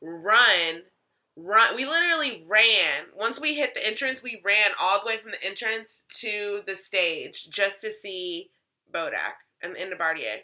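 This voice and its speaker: A woman's voice: mid-range voice, expressive, a little slow, sharp tone. A woman co-hosting a casual chat, telling a story with lots of laughs and swearing.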